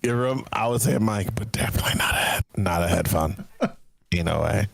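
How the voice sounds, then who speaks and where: A man's voice: on the low side, brisk, vocal fry, fairly bright tone, no room sound. A man co-hosting a podcast, bantering in slang and laughing often. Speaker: podcast co-host. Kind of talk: casual chat.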